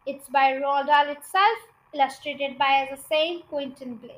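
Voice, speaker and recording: A woman's voice: high-pitched, fairly even intonation, normal speed, rough recording. A woman hosting a podcast, reading a children's book aloud in a chatty way that sometimes stumbles over words. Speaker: podcast storyteller.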